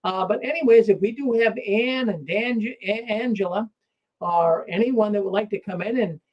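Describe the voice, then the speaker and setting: A man hosting a live call-in show, talking excitedly with many stumbling restarts. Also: high voice, moderate pace, highs cut off.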